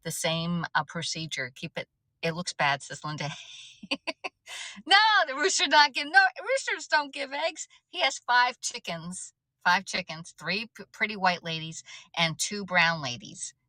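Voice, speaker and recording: A chatty woman talking casually on a livestream, her voice bright and forceful yet sitting a little low. She rambles and restarts often. The sound is close and dry, with no room around it. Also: very animated, a little slow, no room sound, low-quality recording. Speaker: livestream host. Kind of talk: casual livestream chat, reading viewer comments.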